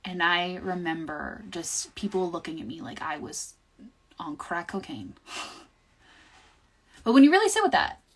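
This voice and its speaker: Young woman, husky voice, candid reflective livestream monologue that drops quiet at phrase ends. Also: mid-range voice. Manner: candid, reflective, often trailing off to quieter words. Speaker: livestream host. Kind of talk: casual personal monologue.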